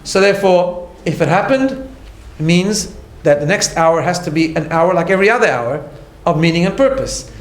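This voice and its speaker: A man's voice: high-pitched, animated, moderate pace, hardly any pauses. Emphatic man teaching, echoey hall. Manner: conversational, emphatic, many restarts and "right?". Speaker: rabbi teaching a class. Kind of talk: informal Torah class. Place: study hall. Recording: echoey room, faint background hum.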